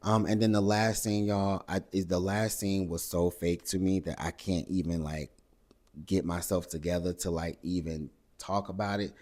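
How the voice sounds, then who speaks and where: A man with a very low, deep voice recaps a reality show casually and at length. He keeps a loose, conversational flow, with fillers and side comments throughout. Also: moderate pace. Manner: animated, acts out cast members' lines in higher voices. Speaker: recap host.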